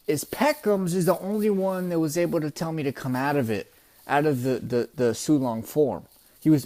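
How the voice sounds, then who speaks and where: A young man recapping a comic chapter in a casual, excitable, profane way, often calling his listeners "bro". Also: on the high side. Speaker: manga chapter reviewer.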